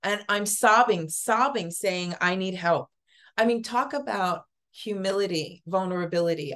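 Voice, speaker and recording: A woman telling a personal story as an interview guest, earnest and halting, often repeating words. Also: medium pitch, a bit bright. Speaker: podcast guest, psychic Reiki master.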